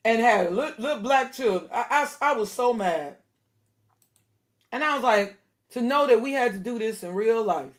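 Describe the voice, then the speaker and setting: A woman giving casual spoken commentary to her viewers, indignant and animated, laughing between her points. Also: on the high side, normal speed. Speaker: video commentator.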